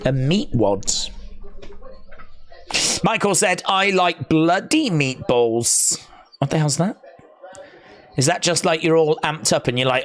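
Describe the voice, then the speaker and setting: A man from England hosts a live watch-along of the fights, talking in a fairly high voice and an unhurried, drawn-out pace. He chats casually with viewers and bursts into cheering shouts. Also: animated. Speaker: live stream host reacting to fights.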